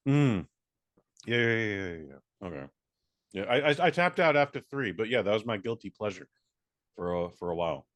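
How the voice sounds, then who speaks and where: A man co-hosting a podcast in casual chat, quick and sarcastic, breaking into jokey voices. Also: lowish voice, very animated, no room sound. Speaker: podcast co-host.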